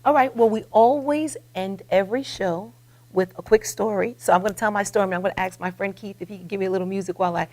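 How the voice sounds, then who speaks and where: A woman's voice: medium pitch, quick pace. A middle-aged woman hosting a live web talk show, telling a story with rising emphasis. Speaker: host. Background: soft guitar music.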